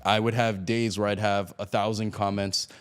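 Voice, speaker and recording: Animated man telling a story with laughter. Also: fairly low pitch, normal speed, clear, resonant tone. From Miami. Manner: animated storyteller acting out quotes, laughs often. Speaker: podcast guest. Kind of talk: casual storytelling interview.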